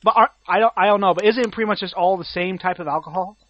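A man's voice: sits high, fast, a crowd in the background. A man with an American accent chatting casually, teasing and laughing often. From Chicago, United States. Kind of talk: casual chat. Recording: dull lo-fi sound.

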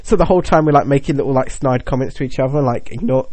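A man co-hosting a podcast, chatting casually, rambling through silly ideas with quick jokes. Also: mid-range voice, a little mellow, no room sound. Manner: joking, rambling, jumps into silly put-on voices. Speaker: podcast co-host. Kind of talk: casual chat.

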